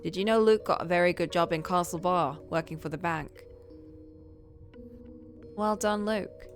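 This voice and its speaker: Woman voicing an older mother who nags and dotes; low-key read, soft music underneath. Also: moderate pace, natural voice. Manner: gently scolding, doting. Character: older Irish mother, fretting and nagging. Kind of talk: reading game dialogue aloud.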